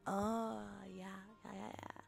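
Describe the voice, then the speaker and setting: A young woman streaming a casual chat as a VTuber and ASMR creator, rambling with restarts and often dropping into soft whispers. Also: medium pitch, level tone, slow, creaky, faint music behind.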